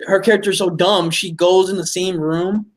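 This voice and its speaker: A man co-hosting a movie podcast, chatting casually in a rambling, halting way with many fillers. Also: high voice, fairly even intonation, poor audio. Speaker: podcast co-host. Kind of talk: casual chat.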